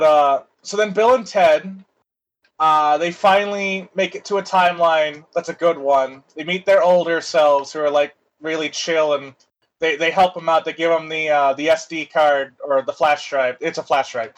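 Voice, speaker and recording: A man's voice: a little high, unhurried, low-quality recording. A man in casual chat, retelling a movie plot in a rambling, loose way and swearing freely.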